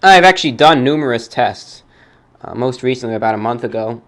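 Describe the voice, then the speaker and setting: A man from the New York area with a British-New York blend accent, hosting a talk show and reading fan mail in a formal, measured, dry way. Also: medium pitch, expressive, a bit bright.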